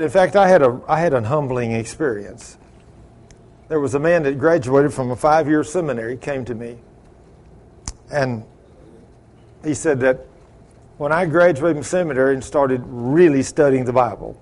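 Preacher, male, high-pitched, storytelling sermon style, prods the congregation with questions. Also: a little mellow. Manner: asks the congregation rhetorical questions, acts out quoted dialogue.

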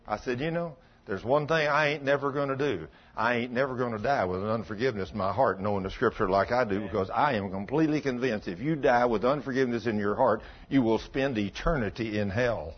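A man preaching a sermon, telling stories in a folksy way and acting out the dialogue. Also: brisk. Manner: folksy, acts out dialogue, drops to low intense tones. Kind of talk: sermon storytelling. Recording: dull lo-fi sound.

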